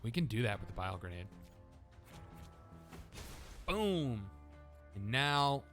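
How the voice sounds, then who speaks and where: A man hosting a let's play video, talking through his card choices out loud with lively, swooping intonation. His voice sits in an ordinary middle register, and faint music plays underneath. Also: mid-range voice, takes it slowly. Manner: animated, thinking aloud. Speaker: gaming channel host.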